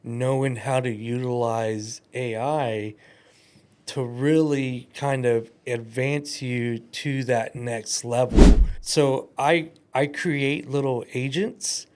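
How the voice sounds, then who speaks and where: A man talking casually on a podcast, telling animated stories and acting out quoted voices. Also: medium pitch, takes it slowly, slight background noise.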